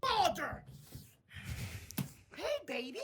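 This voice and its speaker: A man doing a shrill, ranting vlogger character. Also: sing-song, drawn-out words, heavily acted. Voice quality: shrill, shouting, threatening. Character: ranting unhinged male online vlogger character. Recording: loud noisy clip playback.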